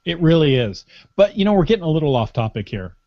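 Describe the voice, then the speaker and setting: A man's voice: fairly high pitch, big pitch swings, fast, no echo. Playful male podcast host, lo-fi. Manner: playful, joking. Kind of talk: casual podcast chat. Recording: dull lo-fi podcast audio.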